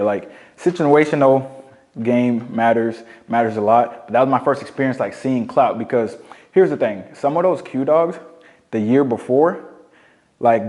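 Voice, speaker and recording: A young man coaching on dating, telling casual stories in a slangy, profane, animated way. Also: medium pitch. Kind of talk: casual storytelling monologue.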